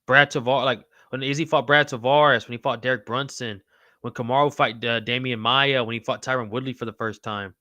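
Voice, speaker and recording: A man's voice: medium pitch, fairly even intonation, fairly quick, bright, forceful tone, dry recording. A man hosting a casual livestream podcast, reading chat aloud in a loose, slangy, profane way. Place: home room with wall signs.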